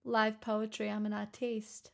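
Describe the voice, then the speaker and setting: Woman streamer, unhurried, gravelly, reads chat and riffs on it. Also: medium pitch, completely flat delivery. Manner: reads chat messages aloud with playful quips. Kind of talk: casual live-stream chat.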